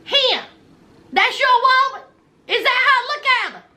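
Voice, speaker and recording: A woman, tipsy, recapping a reality show in a casual, animated storytelling way, acting out what people said. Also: very high voice, moderate pace. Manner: animated storyteller, acts out quotes, laughs. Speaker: recap commentator.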